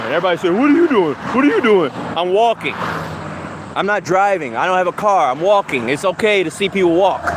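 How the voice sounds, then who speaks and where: A man's voice: high voice, background noise. A man ranting angrily and profanely while walking down a city street, talking into a phone on a livestream. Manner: heated, profane, repetitive. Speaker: livestream host. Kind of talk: angry street rant.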